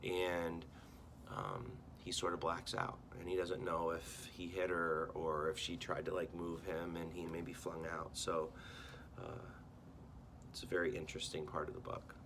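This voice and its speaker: A deep-voiced American man reads a novel chapter aloud for his students, pausing to explain points as their teacher. He throws himself into the dialogue, jumping up in pitch for the characters. A faint hiss sits under the recording. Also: vocal fry. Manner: animated reading, voicing characters with big jumps in pitch. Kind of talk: reading a novel aloud with classroom commentary.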